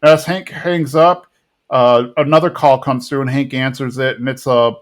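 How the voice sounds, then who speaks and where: A man hosting a podcast, casually retelling an episode with animated quick quotes of characters. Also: medium pitch. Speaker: podcast host.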